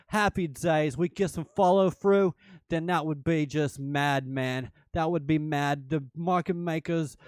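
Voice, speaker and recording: A man voicing a hyped male crypto trader with a put-on British accent that drifts, loud and upbeat, repeating catchphrases. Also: fairly high pitch, smooth, no echo, pitched above the performer's own voice, close to an everyday voice.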